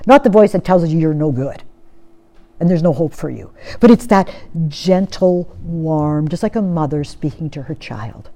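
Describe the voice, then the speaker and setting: A woman preaching a sermon in an earnest way. She poses rhetorical questions and often sinks to a soft tone. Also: deep voice, animated, normal speed.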